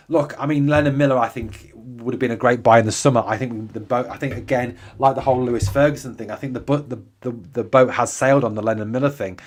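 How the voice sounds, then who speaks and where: Speaking fairly quickly in a mid-range voice, this podcast host runs a live fan show and reads out comments. He's emphatic, says things more than once, and throws rhetorical questions at his audience.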